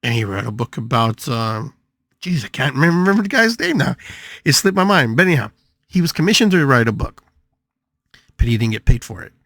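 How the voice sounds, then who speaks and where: An older man delivers a motivational talk as a podcast host, lively and playful. He stretches out repeated words and jumps suddenly up in pitch. His voice sits at an ordinary middle pitch, recorded dry and close. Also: fairly quick, dry recording. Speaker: podcast host and spiritual healer.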